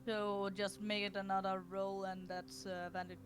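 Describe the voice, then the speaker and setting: A player in a tabletop game, speaking in a halting, stumbling way. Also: mid-range voice, flat delivery. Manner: halting, stumbling over words. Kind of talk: casual tabletop play.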